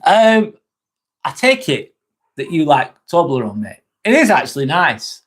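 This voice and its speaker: A man's voice: on the high side, wildly swooping pitch, a little slow, fairly bright tone, slightly rough. A man with an English accent hosting a casual live stream, reading out chat comments, chatty, swearing casually and laughing often.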